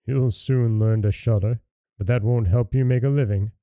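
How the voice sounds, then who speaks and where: A man's voice: mid-range voice, fairly even intonation, moderate pace, dark tone, dry recording, clean studio sound, close to an everyday voice. A man voicing a weary, exasperated father who scolds his son in a storybook reading. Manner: scolding, sighing.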